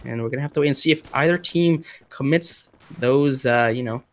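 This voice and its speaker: A man casting a mobile shooter match live, with excitable play-by-play full of fillers. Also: mid-range voice, fairly quick. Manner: excitable caster with frequent fillers. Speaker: esports commentator.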